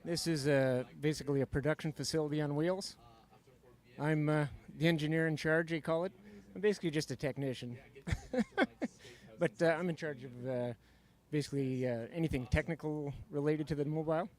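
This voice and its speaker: A man's voice: fairly high pitch, steady tone, a little fast. Modest male broadcast engineer. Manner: modest, laughs, many "uh"s. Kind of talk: interview answers.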